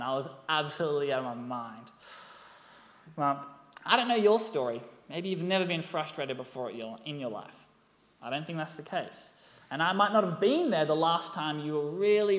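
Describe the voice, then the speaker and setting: Animated young preacher in an echoey hall. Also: male voice, fairly high pitch, moderate pace. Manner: animated storytelling, rhetorical questions. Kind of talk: sermon. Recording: echoey hall, long reverb.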